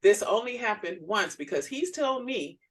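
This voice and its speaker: A middle-aged woman co-hosting a relaxed faith conversation. She tells personal stories in plain everyday speech, breaking into laughs and lively quoted voices as she goes. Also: medium pitch, moderate pace. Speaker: podcast co-host. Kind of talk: casual faith chat.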